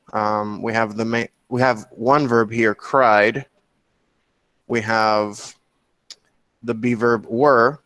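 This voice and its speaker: Male English teacher, online lecture over a computer mic, patient, explanatory, mid-pitched. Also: a bit bright. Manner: patient, explanatory, keeps checking with "okay?". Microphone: computer mic on a video call.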